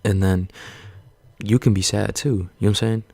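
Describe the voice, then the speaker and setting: A man talks straight to his viewers in a casual, swearing, looping rant that stays reassuring. His voice is very low and gravelly, with a flat, narrow melody. The sound is dry and close, with no room echo. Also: normal speed. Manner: blunt, profane, rambling and repetitive; earnest, reassuring. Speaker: vlogger. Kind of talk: casual motivational rant to camera.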